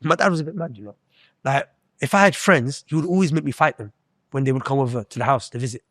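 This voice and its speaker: A man, telling stories in a lively, slangy way in a casual podcast chat. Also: mid-range voice, fast, dry recording, clean studio sound. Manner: animated, storytelling, slangy. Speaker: podcast co-host.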